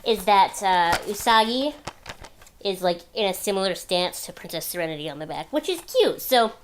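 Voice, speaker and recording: A woman's voice: medium pitch, lively intonation, normal speed, background noise. A woman talking casually in an opinion vlog, chatty and gushing, with lots of fillers. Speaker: video blogger.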